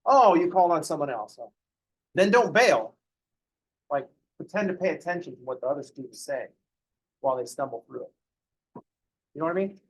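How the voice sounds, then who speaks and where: A man's voice: on the high side, lively intonation, moderate pace, long pauses, breathy edge, dry recording. A man, a math professor, lecturing a class in a joking, conversational way. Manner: joking, conversational, acts out students' thinking noises.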